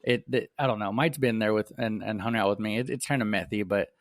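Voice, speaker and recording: Man, podcast host, rapid speech, dry close mic, easygoing, casual questions. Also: fairly low pitch, dry recording. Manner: easygoing, laughs often, asks short questions. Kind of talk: casual interview chat.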